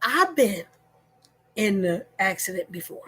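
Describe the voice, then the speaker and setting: A woman telling a story to her livestream viewers in an animated way, repeating phrases and checking in with them. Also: mid-range voice, measured pace, husky. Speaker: online storyteller.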